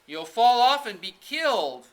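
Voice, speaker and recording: A man voicing a frightened shrill young girl. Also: big pitch swings, a little slow, fairly bright tone, exaggerated voice. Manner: anxious, shrill.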